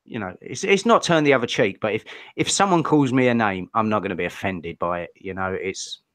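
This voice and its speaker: A man speaking as a guest on a casual livestream, easygoing and soft-spoken, patiently explaining things. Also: lowish voice, lively intonation, a little fast, no echo.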